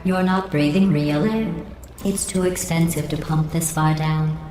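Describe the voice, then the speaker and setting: A deadpan, low-toned robotic AI. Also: female voice, unhurried, faint music behind. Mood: deadpan mocking. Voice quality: deadpan, mockingly polite insults. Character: cold sarcastic female facility computer AI. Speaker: test overseer in a video game. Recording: echoey game audio.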